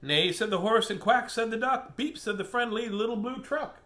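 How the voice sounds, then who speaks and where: A man hosts a casual storytime, reading children's books aloud and adding jokes and asides, laughing at his own puns. His high voice sounds pushed and bright, at normal speed.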